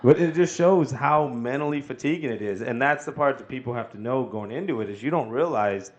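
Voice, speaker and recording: A man's voice: mid-range voice, fairly quick, muffled recording. A man co-hosting a firefighter podcast, giving earnest advice about academy life in casual chat. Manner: earnest, emphatic, acts out quoted voices.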